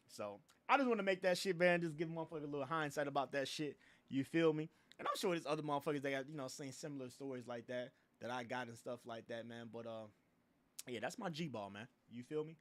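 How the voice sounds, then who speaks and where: With a slightly high voice and a brisk pace, the young livestream host rants in a loose, foul-mouthed way, punctuated by laughter and recurring fillers.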